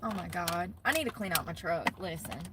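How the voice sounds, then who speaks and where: A woman livestreaming from her parked truck on her phone, talking in a chatty, animated way with lots of laughs and a slangy drawl. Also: on the low side, brisk, very noisy. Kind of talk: casual livestream chat.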